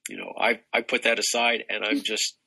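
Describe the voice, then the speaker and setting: A man's voice: on the low side, little pitch movement, a little fast, vocal fry, pushed and bright, breathy edge, low-quality recording. An older man talking as a spiritual teacher guest in an expansive, rambling way, with many restarts. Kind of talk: casual spiritual conversation.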